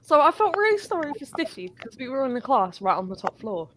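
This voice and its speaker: A woman telling an animated, sweary story in a casual live chat. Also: high voice, fast talker, a little hiss or hum. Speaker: guest.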